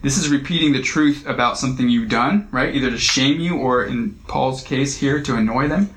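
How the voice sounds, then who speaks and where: A man's voice: medium pitch, normal speed, a bit bright, echoey room, poor audio. A man leading a casual Bible study, talking conversationally, often repeating himself and checking in with "right?".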